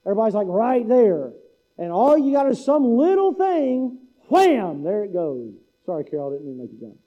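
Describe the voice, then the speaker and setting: Middle-aged male preacher, folksy, high voice, muffled lo-fi sound. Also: very animated, moderate pace. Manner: folksy, mimics local speech for laughs. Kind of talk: sermon. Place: church hall.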